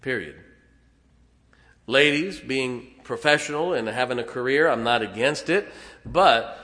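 A man's voice: medium pitch, unhurried, bright, forceful tone. A middle-aged man preaching a sermon as pastor, folksy and self-deprecating, with frequent chuckles. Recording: long hall reverb.

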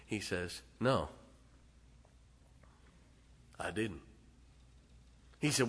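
A man preaching a sermon as pastor, emphatic and laughing between lines, swinging from loud to soft. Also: mid-range voice, expressive, normal speed, pauses often, slightly rough. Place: large church auditorium. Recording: long hall reverb.

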